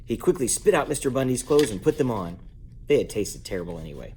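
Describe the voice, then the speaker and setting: A man reads a children's chapter book aloud at bedtime. His voice sits at a middle pitch but moves a great deal, jumping up high to voice the characters. A faint background noise runs under the home recording. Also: sing-song, fast talker, a little mellow. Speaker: parent reading a bedtime story. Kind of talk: bedtime story read-aloud.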